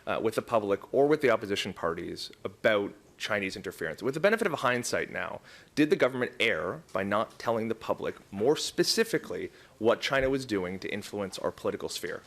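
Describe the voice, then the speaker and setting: Low-voiced reporter pressing a question. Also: male voice, big pitch swings, fairly quick, vocal fry, fairly bright tone. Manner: pointed, probing follow-up questions.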